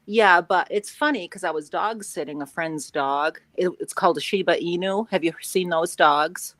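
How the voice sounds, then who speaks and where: A woman in casual live stream chat, effusive and quick with compliments. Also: fairly low pitch, dry recording, rough recording. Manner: warm, effusive, gushing with compliments.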